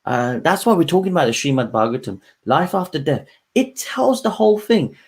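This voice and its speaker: A man's voice: a little high, sing-song, brisk. A man hosting a casual spiritual talk, who speaks in encouraging, loose and rambling phrasing. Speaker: host.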